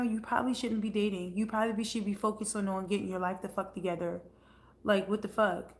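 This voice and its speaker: Woman ranting on her livestream, swears a lot, real blunt and chatty, mid-pitched voice. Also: fairly even intonation, fairly quick. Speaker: livestream host. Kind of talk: casual livestream chat.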